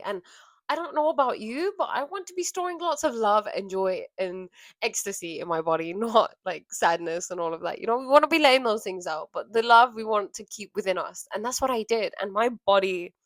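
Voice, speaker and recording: A woman vlogger telling a personal story in an earnest, emotional way, with soft laughs and many fillers. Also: medium pitch, no echo, studio quality.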